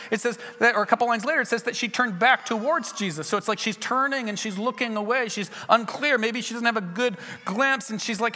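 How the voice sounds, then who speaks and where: A man preaching a sermon in a church, retelling scenes with lively acted dialogue. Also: on the high side, in a large hall. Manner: earnest storytelling, acting out scenes with shifts in loudness. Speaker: pastor.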